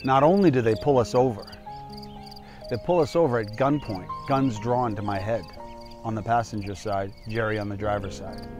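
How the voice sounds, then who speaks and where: A man's voice: on the low side, moderate pace, over music. A man in his fifties, a doctor and public speaker, telling a personal cautionary story in an emphatic, candid, conversational way.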